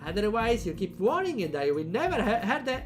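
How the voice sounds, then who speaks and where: A man voicing a bubbly, energetic teenage girl who pouts and teases, reading a visual novel aloud. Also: high voice, a little fast, soft background music, pitched above the performer's own voice. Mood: sheepish. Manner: bouncy, pouting, playful.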